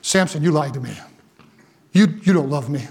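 A man's voice: fairly high pitch, lively intonation, darkish tone, breathy edge, pitched below the performer's own voice. Man playing nagging pleading Delilah. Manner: whiny, hesitant, halting.

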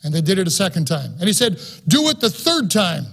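A man's voice: high-pitched, very animated, fairly quick, vocal fry, fairly bright tone, slightly rough. A man preaching a sermon, reading scripture aloud and then preaching on it with rising fervor.

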